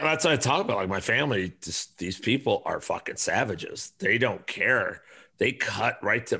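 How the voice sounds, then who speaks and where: A man in his forties hosts a podcast in a loose, cursing, rambling way. His voice is gravelly with a forceful, bright edge, and he tells stories with energy. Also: on the low side. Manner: profane, rambling, animated storyteller. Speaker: podcast host. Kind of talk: casual podcast chat.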